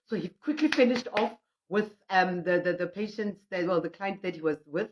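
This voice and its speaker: A middle-aged South African woman hosts a livestream as a traditional healer, telling her stories with lively energy and breaking into laughs. She reads out viewer comments in a mid-pitched voice. The audio is dull and lo-fi. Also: normal speed, background noise. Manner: frequent laughter and restarts. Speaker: traditional healer hosting a prayer session. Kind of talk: livestream talk. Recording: muffled lo-fi audio.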